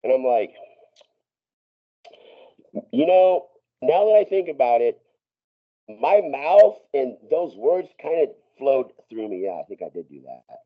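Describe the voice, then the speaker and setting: A man spins a long, profane story as a podcast guest, rambling, restarting and laughing as he goes. His voice sits at an ordinary male pitch. The audio sounds dull and lo-fi. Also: very animated, a little slow, pauses often. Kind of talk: casual storytelling.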